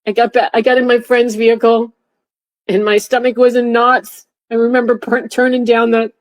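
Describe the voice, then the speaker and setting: Halting middle-aged woman recounting grief. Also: on the high side, little pitch movement, poor audio. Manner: halting, many restarts and fillers. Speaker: interview guest, former TSA officer. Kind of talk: emotional personal recollection.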